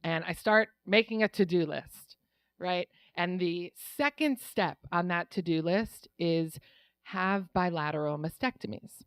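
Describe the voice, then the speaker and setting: A woman's voice: on the low side, measured pace, clean tone, dry recording. A woman telling a true personal story on stage in a wry, conversational way, often laughing through her lines. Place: live storytelling venue.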